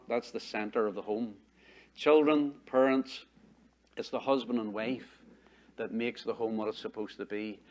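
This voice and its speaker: A man's voice: mid-range voice, dull audio. A middle-aged man, preaching a sermon as pastor in a conversational way, repeating phrases and asking the congregation rhetorical questions.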